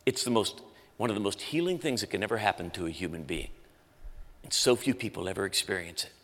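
A man's voice: fairly low pitch, lively intonation, quick pace. A middle-aged male pastor preaching a sermon with intense conviction, pushing his voice hard at emotional peaks. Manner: intense, rising to shouts when telling a story. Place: church auditorium. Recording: live in a large reverberant hall with faint music.

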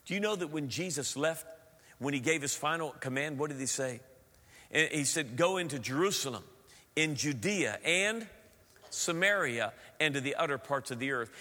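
Animated preaching pastor in a reverberant hall. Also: male voice, fairly high pitch. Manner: animated preaching with playful asides. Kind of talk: sermon.

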